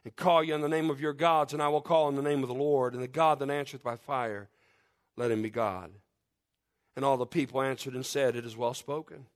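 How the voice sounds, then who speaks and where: A man's voice: mid-range voice, steady tone, a little fast. A man preaching a sermon with fervent, emphatic delivery, reading scripture in old-fashioned wording and leading a prayer. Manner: fervent, rising to loud emphatic peaks then dropping quiet; reads scripture in King James wording.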